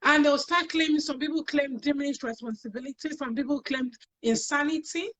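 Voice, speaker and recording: A woman appears as a talk show guest, earnestly telling her own story and repeating phrases for emphasis. Her high-pitched voice is steady, fairly quick and fairly bright, captured in dull lo-fi sound.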